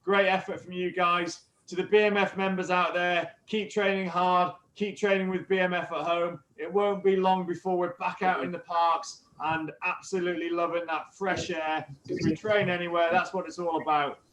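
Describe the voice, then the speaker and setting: A man's voice: high-pitched, level tone, normal speed, few pauses, a bit bright, reverberant, a little hiss or hum. A man hosting a live online fitness event, enthusiastic and stumbling over restarts. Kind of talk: upbeat live-stream hosting.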